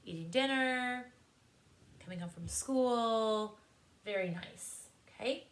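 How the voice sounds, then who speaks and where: A woman's voice: a little high, slow. A woman teaching young children to read clocks, with encouraging, sing-song questions. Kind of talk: classroom lesson to young students.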